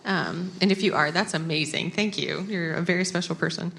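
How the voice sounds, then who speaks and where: Earnest woman panelist, gravelly lowish voice, faint room hiss. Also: a little fast, a bit bright. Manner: earnest, storytelling, self-described crier. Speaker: panel speaker, ministry worker. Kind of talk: panel discussion.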